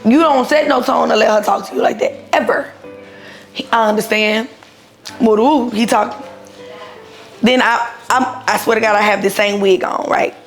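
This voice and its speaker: A woman's voice: on the high side, normal speed, long pauses, faint music behind. A woman in her thirties telling her own story casually, blunt and profane, acting out the people she quotes. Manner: blunt, profane, animated retelling with quoted dialogue.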